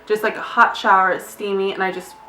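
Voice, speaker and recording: Chatty, bright-voiced nurse giving candid advice. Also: female voice, medium pitch, little pitch movement, fairly quick, roomy sound, far from the mic. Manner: candid, chatty, reads notes from phone, occasional swearing. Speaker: nurse vlogger. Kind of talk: casual advice vlog.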